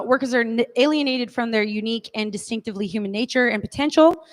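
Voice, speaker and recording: A woman teaching a class in a conversational lecture style, often checking in with her listeners. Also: medium pitch.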